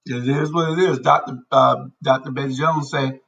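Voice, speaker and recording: A man's voice: medium pitch, steady tone, normal speed, gravelly, few pauses, a bit bright, lo-fi sound. A man hosting a casual talk show, giving blunt, emphatic opinions. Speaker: show host. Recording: distant from the mic.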